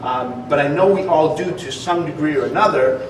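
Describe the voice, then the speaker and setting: A man's voice: fairly high pitch, moderate pace, slight background noise. Casual man preaching in an echoey hall. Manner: casual, conversational preaching with frequent fillers. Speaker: pastor. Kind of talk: sermon. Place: church hall. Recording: echoey hall, distant mic.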